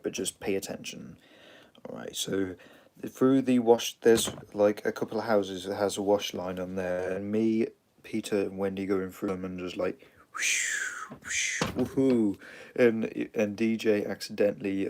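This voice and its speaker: A man's voice: fairly low pitch, darkish tone, a little hiss or hum. A man with an English accent casually retelling a story in a loose, rambling way, full of fillers and restarts.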